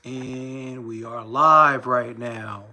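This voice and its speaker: A man hosting a casual boxing livestream, talking haltingly with many fillers and restarts and greeting viewers by name. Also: mid-range voice, fairly even intonation, sharp tone, echoey room, slight background noise, low-quality recording. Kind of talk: casual live-stream talk.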